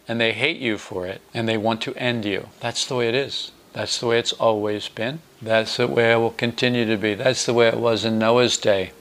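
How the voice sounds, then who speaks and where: A middle-aged man preaches in a loose, conversational way, folksy and dryly sarcastic. His voice has a rough, gravelly edge, and his pitch sits in the middle but jumps up when he gets animated. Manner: folksy and wry, with sarcastic asides. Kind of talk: informal spoken sermon.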